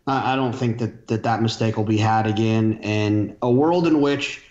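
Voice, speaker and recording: A man's voice: lowish voice, moderate pace, darkish tone, roomy sound, muffled recording. A man who handicaps horse races on a podcast panel, making his picks with dry sarcastic humor.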